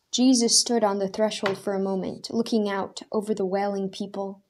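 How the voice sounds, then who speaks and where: A woman narrating a storybook aloud in a steady, expressive way. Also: mid-range voice, moderate pace, few pauses. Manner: steady and expressive, with vivid character voices.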